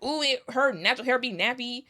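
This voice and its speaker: A woman's voice: high voice, fairly quick, bright, forceful tone, pitched above the performer's own voice. A woman putting on a sneering man who gripes about women's hair, in a mocking, whiny tone.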